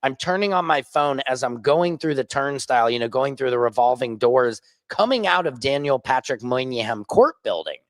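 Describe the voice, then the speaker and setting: A man who hosts his own news vlog, ranting casually and fast from a rooftop with lots of restarts and asides. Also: medium pitch, animated, dry recording. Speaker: independent journalist and vlog host. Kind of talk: casual on-camera rant.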